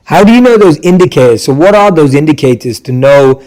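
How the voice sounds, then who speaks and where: A man's voice: fairly high pitch, lively intonation, a little fast, darkish tone, poor audio. A man hosting a podcast, asking questions and affirming his guest attentively. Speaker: podcast host. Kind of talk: interview questions and backchannel.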